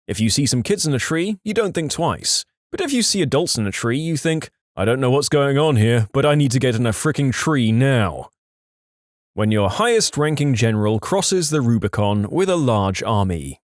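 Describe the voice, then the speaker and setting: Lively man reading stories aloud. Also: medium pitch, no room sound, studio quality. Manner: lively, playful delivery with voiced quotes. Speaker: podcast narrator.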